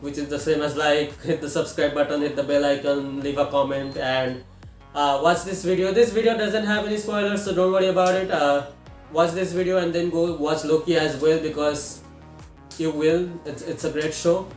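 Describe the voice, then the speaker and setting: A man's voice: on the high side, steady tone, normal speed, soft background music. A man giving a casual spoken TV show review to his channel, rambling with lots of fillers and restarts. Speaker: film and TV reviewer. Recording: echoey room.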